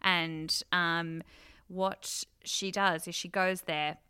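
A woman's voice: on the low side, little pitch movement, very slow, pushed and bright, clean tone. A woman co-hosting a casual film review chat, gushing with enthusiasm and acting out scenes as she retells them.

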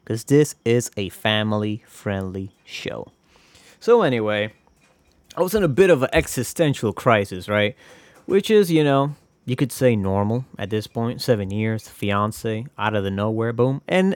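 A man's voice: medium pitch, dry recording. A young man hosting a podcast, talking in a casual, confessional ramble full of swearing and self-mocking jokes. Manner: profane, joking, rambling. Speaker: podcast host.

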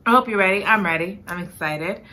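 A woman hosting a book podcast, chatting casually and reading a summary aloud, animated and quick to laugh at her own slips. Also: mid-range voice, a little hiss or hum. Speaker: podcast host.

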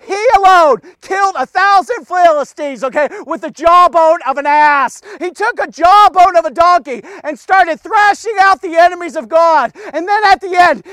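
A man delivers a fervent devotional sermon in a strikingly high voice, pressing his points with emphatic repetition. He swings between near-shouts and hushed asides. The sound is dry and close, with no room around it. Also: dry recording. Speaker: podcast devotional preacher.

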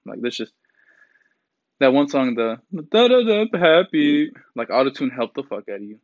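A young man rants in a loose, casual commentary style, blunt and profane, with lots of "like" and "um" and mocking impressions of others. His voice sits at a middle pitch. The mic sounds dry and a little dull, with no room around it. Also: normal speed, no room sound. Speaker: commentary vlogger. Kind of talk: casual rant.

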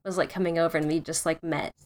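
A woman's voice: low-pitched, fairly even intonation, fast, a little mellow, slight background noise. A young woman from the United States, chatting casually and animatedly, with frequent fillers and laughter at her own stories. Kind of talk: casual chat.

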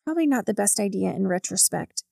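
A woman's voice: medium pitch, expressive, quick pace, vocal fry, dark tone, dry recording, studio quality. A woman voicing a blunt teenage girl with ghostly powers in a storybook reading, speaking sharply and briefly.

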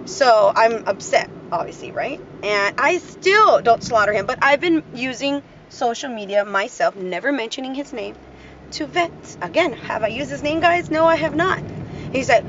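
A woman's voice: on the high side, fairly quick, highs cut off, a little hiss or hum. A woman hosting her own podcast, venting bluntly in a casual monologue and swearing freely as she retells arguments. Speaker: podcast host.

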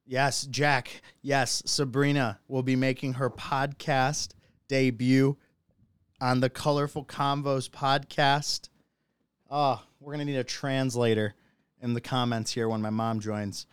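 An excitable man hosting a live-stream podcast, talking casually and laughing often. His voice is smooth and resonant, recorded close and dry. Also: medium pitch, slow pace, dry recording. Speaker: podcast host. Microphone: phone or computer mic on a live stream.

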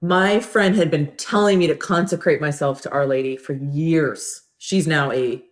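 Woman, podcast co-host, casual chat, animated, frequent laughter. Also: deep voice, normal speed. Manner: animated, laughs often, acts out voices in quotes.

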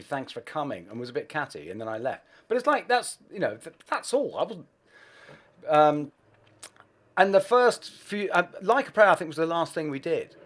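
Brief: expressive male musician guest, candid and profane, with a wide pitch range. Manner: swearing, self-deprecating, animated. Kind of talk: anecdotal storytelling.

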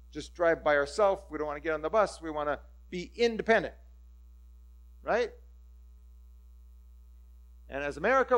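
Animated high-voiced male preacher. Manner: animated, acts out scripture voices. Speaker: pastor. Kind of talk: sermon.

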